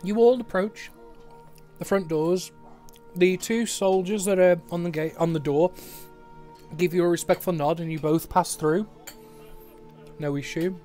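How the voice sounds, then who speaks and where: A man with an English accent narrating as game master in a calm, matter-of-fact way over an online call. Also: high-pitched, a little slow, pauses often, soft background music.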